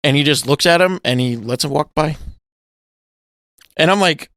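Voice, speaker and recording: A man co-hosting a casual podcast, recounting scenes with a lot of swearing and sudden acted-out yells. His voice is bright and crisp. It sounds close and dry, with no room around it. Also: a little high, moderate pace, no room sound. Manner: animated storytelling, swearing, loud acted-out yells. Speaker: podcast co-host. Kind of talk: casual chat.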